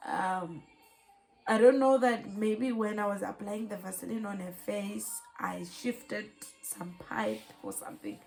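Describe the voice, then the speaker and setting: South african mum talking through what happened, emotional, lots of ums, bit of vocal fry. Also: female voice, mid-range voice, measured pace, darkish tone, soft background music, poor audio. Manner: earnest, emotional retelling with many fillers. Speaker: mother sharing her story. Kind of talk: personal testimony vlog.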